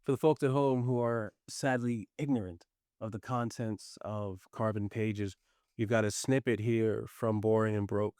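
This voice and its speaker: A man's voice: on the low side, fairly even intonation, measured pace, a little mellow, clean tone, no echo, studio quality. A man from the United States hosting a podcast interview, teasing and blunt, swearing freely. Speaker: podcast host. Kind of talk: casual interview.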